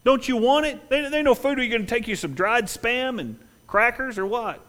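A man voicing a scoffing, carefree cruise-ship partygoer who mocks in a shrill, jeering way. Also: expressive, fairly quick, fairly bright tone, in a large hall.

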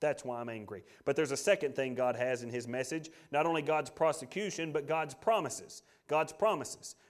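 Preaching at a normal speed, a male pastor with a slightly high voice delivers a forceful sermon. His volume rises to loud proclamations and falls to quiet asides, and he reads passages of scripture and speaks God's words as quotations.

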